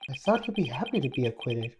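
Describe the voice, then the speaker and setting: A woman with a low voice voicing a determined young male defense attorney, read aloud over game music. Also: sing-song, fast. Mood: resolute. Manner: resolute, reassuring.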